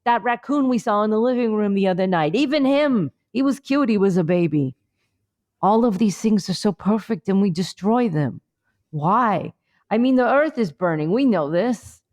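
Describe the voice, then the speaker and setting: A woman's voice: mid-range voice, animated, moderate pace, a little mellow. A woman co-hosting a comedy podcast remotely, rambling through a mock-earnest mindfulness bit with many fillers. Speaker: podcast co-host. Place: remote, on vacation.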